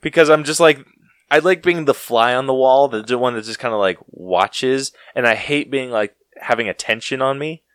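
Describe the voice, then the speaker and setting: A young man chats on his podcast in an easygoing, self-mocking way, laughing often. His voice sits at a middle pitch. The recording is dry and close. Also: normal speed, fairly bright tone, clear, resonant tone, dry recording. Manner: laid-back, laughs often, self-deprecating. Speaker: podcast co-host. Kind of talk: casual chat.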